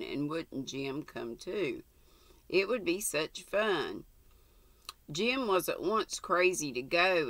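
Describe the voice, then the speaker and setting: An older woman reading a novel aloud, slow and deliberate, with chatty asides. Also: low-pitched, bright, forceful tone, dry recording. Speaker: audiobook reader.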